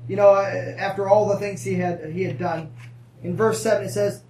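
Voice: mid-range voice, steady tone, normal speed, vocal fry, darkish tone. A preacher delivering a conversational sermon, asking the congregation for amens and adding humorous asides. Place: church sanctuary. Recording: roomy, distant mic, faint ambience.

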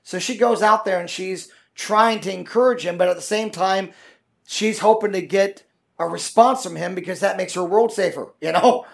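A man with a notably high voice delivers a relaxed, conversational sermon. He stumbles through fillers and restarts while telling a story. Then he rises into louder, emphatic preaching. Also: creaky. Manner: halting, many fillers and restarts. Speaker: pastor.

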